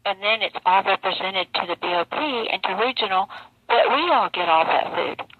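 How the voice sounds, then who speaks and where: A woman speaking slowly and wearily, close to tears, her mouth sore from missing teeth, talking in a live video from prison. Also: mid-range voice, expressive, dry recording. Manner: slow, weary, close to tears. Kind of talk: emotional live video testimony. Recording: dull lo-fi phone video with faint noise.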